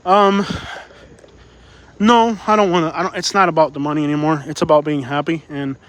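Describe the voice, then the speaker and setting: A man's voice: a little high, fairly even intonation, fairly quick, a bit bright. A man live-streaming while walking city streets, a little out of breath, rambling and repeating himself as he reads chat aloud.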